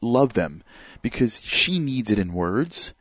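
A man giving a motivational talk. He speaks in an animated way, fills his speech with "like" and "you know", and keeps asking rhetorical questions. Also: medium pitch, slow, no echo, studio quality. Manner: animated, asks rhetorical questions and acts out examples; many fillers such as "like" and "you know".

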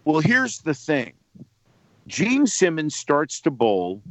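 A man from New Jersey, a radio personality calling in to tell a lively anecdote, repeating words as he builds up the story. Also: on the high side, takes it slowly, dry recording.

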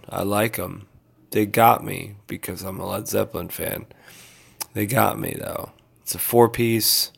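A man's voice: lowish voice, vocal fry, slightly rough. A tired man giving a casual, rambling vlog update to his followers, loose and full of fillers. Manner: laid-back, meandering, filler-heavy. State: tired, yawning. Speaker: vlogger.

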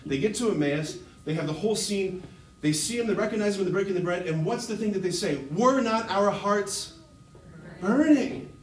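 A man who is a Catholic priest, giving a lively, conversational sermon to a live audience, full of asides and fillers. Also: sits high, normal speed. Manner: animated and conversational, with many fillers. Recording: roomy hall sound with faint noise.

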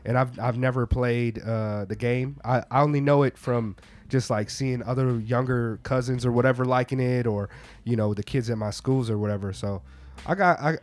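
A man's voice: mid-range voice, normal speed, a little mellow. A man in casual chat, talking in a laid-back, slangy way.

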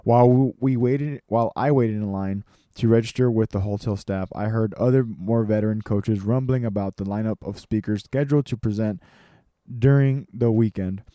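A man reading a personal story aloud, measured and with dramatic pauses. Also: fairly low pitch, warm tone, no room sound, clean studio sound.

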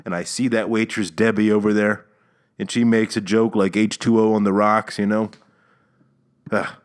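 A man's voice: on the low side, level tone, normal speed, clear, resonant tone. A man hosting his own podcast, ranting casually and sarcastically with stammered restarts and bursts of mock outrage. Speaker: podcast host. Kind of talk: casual solo rant.

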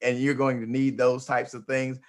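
A man hosting a motivational talk show, speaking at a middle pitch. He talks emphatically, often stumbling over and repeating his first words. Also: flat delivery, moderate pace. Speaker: host. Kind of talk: motivational interview chat.

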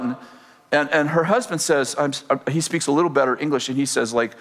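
A man preaching a sermon, telling a story with animated delivery, acting out the dialogue and laughing often. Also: fairly high pitch, a little fast, long reverb tail.

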